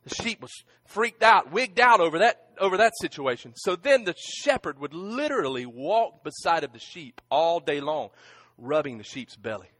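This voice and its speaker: A man preaching a sermon in an emphatic way, often restarting and stammering over his words, and sometimes dropping to a hushed voice. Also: on the high side, very animated, normal speed, no echo. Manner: drops to a hushed, near-whispered voice at emotional moments. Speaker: pastor.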